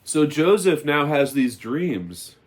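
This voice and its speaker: A man's voice: fairly high pitch, big pitch swings, slow pace. A man giving an impassioned spoken testimony as a religious teacher, preaching emphatically and repeating phrases for stress.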